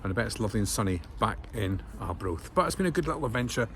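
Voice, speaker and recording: A man's voice: lowish voice, big pitch swings, very fast, a bit bright. A Scottish man chatting casually as he walks through town for a travel vlog, rambling with plenty of fillers. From Scotland. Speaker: travel vlogger. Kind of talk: casual walking vlog narration. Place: outdoors in town streets and station, rainy. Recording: outdoor vlog with clear street noise.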